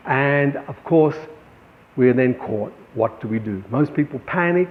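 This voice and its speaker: A man's voice: fairly high pitch, lively intonation, moderate pace. A man, a painter, giving an encouraging motivational talk to fellow artists, calling them friends. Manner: encouraging, addresses viewers as friends. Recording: echoey, tinny phone-like sound.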